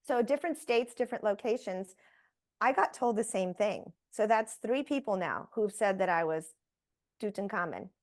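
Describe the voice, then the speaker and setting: A woman, a guest on an interview show, telling a personal story in a lively way and acting out the voices she quotes. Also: mid-range voice, normal speed. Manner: animated, acts out quoted voices.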